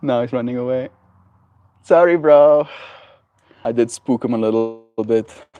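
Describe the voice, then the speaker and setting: A man streaming live from a porch, chatting with his viewers in a gentle, rambling way full of fillers. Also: mid-range voice, unhurried, clear, resonant tone, phone-quality sound. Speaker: livestreamer. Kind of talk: casual chat with viewers. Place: outdoors on a porch.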